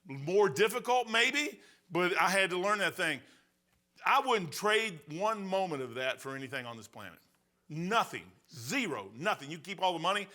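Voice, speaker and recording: A man in his sixties preaches with a bright, forceful voice that sits a little high for a man. He moves between emphatic points and folksy storytelling, peppered with quick asides. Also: lively intonation. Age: 60s. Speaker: pastor. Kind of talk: sermon.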